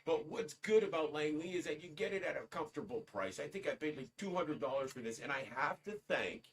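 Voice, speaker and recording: A man's voice: a little high, animated, fairly quick, slightly rough, distant mic. A man hosting a casual livestream, rambling and talking straight to his chat as "guys". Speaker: livestream host. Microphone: streaming setup.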